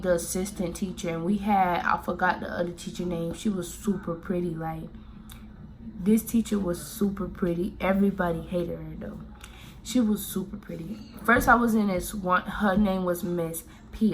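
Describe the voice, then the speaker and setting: A woman from Miami telling a story-time vlog, talking casually and circling back with lots of "like" and restarts. Her voice sits slightly low, with faint background hiss. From Miami, Florida. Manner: rambling, full of "like" fillers and restarts. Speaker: vlogger telling a personal story.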